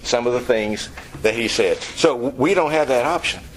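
A man's voice: medium pitch, moderate pace, a little hiss or hum, rough recording. A man preaching a sermon, emphatic and direct, often asking his listeners rhetorical questions.

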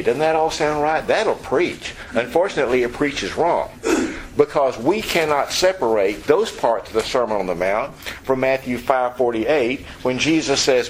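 A man's voice: mid-range voice, animated, normal speed, a little hiss or hum, rough recording. Emphatic male preacher asking rhetorical questions. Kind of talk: sermon.

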